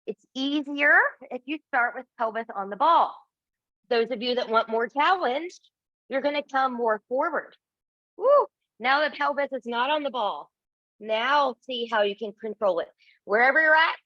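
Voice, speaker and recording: A woman's voice: sits high, normal speed, dry recording, muffled recording. A woman instructor guiding a Pilates class, counting reps and giving encouraging cues, a little out of breath. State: slightly out of breath.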